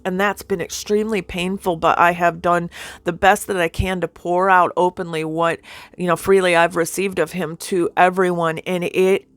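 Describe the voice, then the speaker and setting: A middle-aged woman speaking as a ministry leader, her voice sitting a little low. She gives a raw, confessional spiritual testimony in a dry, close-sounding room, often passing on what she hears God telling her. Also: level tone, moderate pace, no echo. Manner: emotional, confessional, relays God's words.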